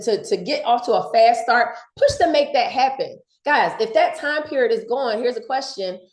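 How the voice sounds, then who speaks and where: A woman from giving an excited, fast motivational sales training talk, repeating her points. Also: on the high side, roomy sound. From Philadelphia.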